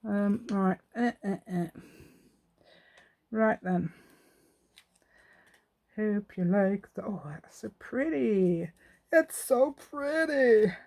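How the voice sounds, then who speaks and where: A woman's voice: mid-range voice, drawn-out words, vocal fry, pauses often, warm tone. An English woman hosting a craft tutorial, chatting casually with self-mocking, rambling asides and frequent laughs. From England. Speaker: craft channel host.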